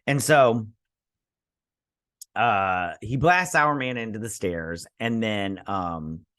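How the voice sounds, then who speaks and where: Speaking slowly in a voice on the low side, a man reviews a TV episode in a casual recap. He rambles, fills the gaps with fillers and restarts, and animatedly performs characters' lines, all captured in a dry recording with clean studio sound.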